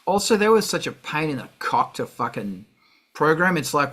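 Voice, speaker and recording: A man's voice: a little high, very animated, moderate pace, pushed and bright, breathy edge. A middle-aged man hosting a music livestream, talking casually and ranting with heavy swearing.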